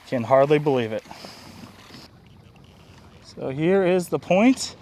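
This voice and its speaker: A man's voice: on the high side, expressive, slow, a little mellow, a little hiss or hum. A man vlogging casually outdoors beside a river. He speaks plainly and often repeats himself. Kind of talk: casual outdoor travel vlog.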